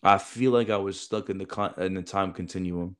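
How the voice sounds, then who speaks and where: A man's voice: low-pitched, fairly even intonation, brisk, a bit bright, slight background noise. A man chatting casually as a podcast co-host, rambling and profane, with lots of "bro" and "like". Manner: loose, profane, peppered with "bro" and "like". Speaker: podcast co-host, former military recruiter. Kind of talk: casual chat.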